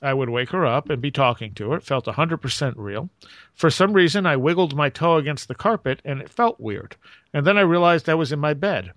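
Man, podcast host, slightly higher voice. Reads aloud evenly on a dry, close mic. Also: animated, brisk, a bit bright, dry recording. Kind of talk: casual discussion and reading aloud.

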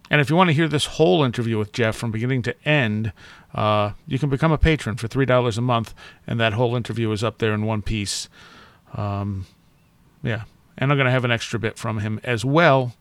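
A man hosting a podcast, introducing the episode and asking questions in a relaxed way with some fillers. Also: medium pitch, dry recording. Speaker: podcast host.

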